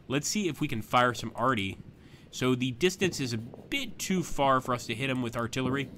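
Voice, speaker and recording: A man streams himself playing a strategy game, talking to viewers as he works out his moves and breaking into sudden bursts of excitement. His voice is mid-range at a moderate pace, with a bit of hiss or hum in the audio.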